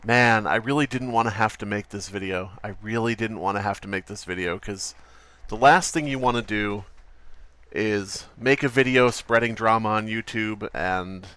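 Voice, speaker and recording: A man's voice: medium pitch, a bit bright, no echo, natural voice. A man playing a self-pitying male YouTuber in a comedy skit, rambling and repeating his complaints over and over. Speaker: podcast host.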